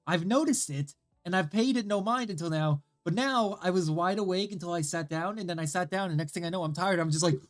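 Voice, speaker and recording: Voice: medium pitch, fairly quick, few pauses, faint music behind. A streamer at home, tired and coming down with a cold, chatting casually while practicing Japanese, frustrated and swearing often.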